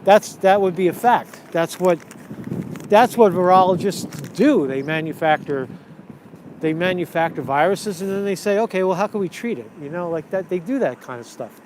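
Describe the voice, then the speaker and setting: A man with a fairly high voice walks and talks outdoors, circling back over his own words. The sound comes from a handheld camera on the street, with faint city noise underneath. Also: moderate pace, a little mellow. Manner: rambling, repeats himself, talks while walking. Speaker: vlogger. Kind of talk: walk-and-talk street vlog. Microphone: handheld camera while walking.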